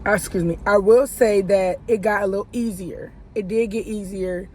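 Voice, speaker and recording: A woman in the middle of her pitch range, talking casually in a life-update vlog. She tells her story in a loose, chatty way, with plenty of fillers, and keeps turning to her viewers as y'all. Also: steady tone, moderate pace, a little mellow, breathy edge. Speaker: YouTuber.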